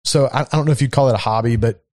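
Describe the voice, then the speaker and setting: A man's voice: mid-range voice, rapid-fire, a little mellow, dry recording. A man from Florida chats loosely about his hobbies, wandering through his thoughts with frequent fillers. His voice sits in an ordinary middle register. The recording is close and dry. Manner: rambling, filler-heavy, laid-back. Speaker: YouTube channel host. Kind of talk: casual chat over whiskey.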